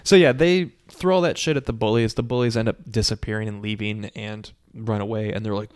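Animated man retelling a movie. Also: fairly low pitch, clear, resonant tone. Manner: animated storytelling, swearing, quick character impressions. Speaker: podcast co-host recapping a movie. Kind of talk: casual chat.

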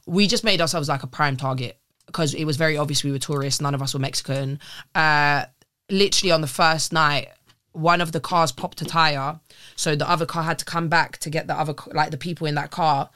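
A young woman telling travel stories as a podcast guest, casual and animated, swearing and acting out quotes. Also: low voice, brisk. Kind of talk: casual storytelling.

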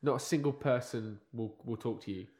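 A man's voice: mid-range voice, fairly quick, darkish tone, roomy sound. A man co-hosting a podcast, talking casually and emphatically, with lots of short agreeing replies. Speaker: podcast co-host. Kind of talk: casual chat.

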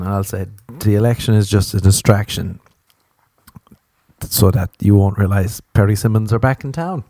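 In a lowish, steady, dark-toned voice, a thirtysomething Irish podcast host meanders through a casual comic monologue full of swearing and self-mockery. He speaks at a moderate pace, and the studio-quality recording has no echo.

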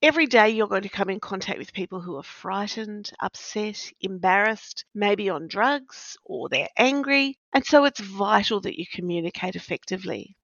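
A woman hosting a podcast, explaining in a measured, explanatory way and stressing key words. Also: medium pitch, expressive, fairly bright tone, no room sound. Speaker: podcast host, practice faculty manager. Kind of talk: scripted-sounding podcast chat. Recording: dry, slightly dull lo-fi recording.

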